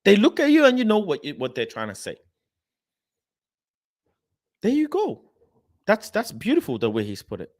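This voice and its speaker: A man hosting a fan channel, giving animated casual commentary and repeating phrases as he rants. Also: sits high, normal speed, long pauses. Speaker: fan channel host reacting to an interview.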